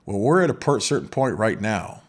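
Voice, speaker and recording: Man, middle-aged, podcast host, rambling monologue, low-pitched, husky. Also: moderate pace. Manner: rambling, animated retelling with many restarts. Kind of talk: casual monologue.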